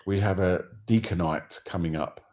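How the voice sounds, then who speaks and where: A man from East London with an Estuary English accent, co-hosting a casual chat and explaining things in a measured, relaxed way. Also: sits low. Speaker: co-host.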